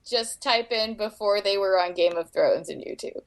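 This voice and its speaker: A woman's voice: medium pitch, normal speed. A woman chatting casually as a podcast co-host, sharing trivia. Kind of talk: casual chat. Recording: loud crowd noise behind.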